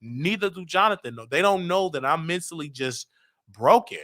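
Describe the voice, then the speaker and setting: Casual chicago guy telling his story, bright voice, swoops up high on the quotes. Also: normal speed. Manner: animated, acts out quotes with big pitch jumps. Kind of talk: personal story told casually.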